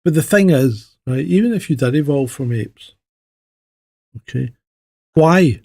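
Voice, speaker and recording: Husky, blunt-talking male podcast host. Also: fairly high pitch, animated, unhurried, dark tone, dry recording. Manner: blunt, swears freely, tells jokes. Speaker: host, retired police sergeant. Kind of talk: casual podcast chat.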